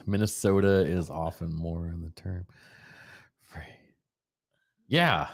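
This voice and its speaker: A man's voice: low-pitched, steady tone, slow, vocal fry, long pauses. A man co-hosting a casual live show over drinks, playful and fond of trying out silly regional accents. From Florida. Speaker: podcast co-host.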